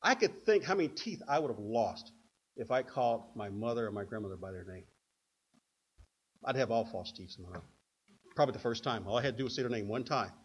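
An older man preaching a sermon in an animated way, acting out stories in other voices. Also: medium pitch, a little fast, husky. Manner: animated, acts out quotes in put-on voices. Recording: dull lo-fi recording.

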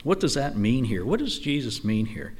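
Male Bible teacher, casual study-group delivery, animated pitch, chatty asides between readings. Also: moderate pace, husky. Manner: conversational, lively, with frequent "you know" asides.

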